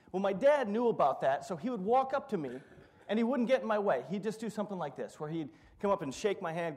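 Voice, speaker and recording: A middle-aged male pastor preaches a sermon, telling humorous stories and acting out people's words. His voice is high with a darkish tone.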